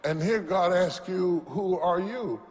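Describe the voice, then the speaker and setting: Preacher, male, high voice, slow dramatic delivery rising to shouts, big church reverb. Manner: builds to shouting and chanting with the congregation. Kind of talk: sermon. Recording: long reverb in a large hall.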